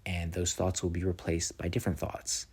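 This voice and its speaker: A man hosting a self-help podcast, talking slowly through calm, repetitive guidance on letting go of negative thoughts. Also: sits low, breathy edge. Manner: slow, repetitive guiding instructions. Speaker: podcast host.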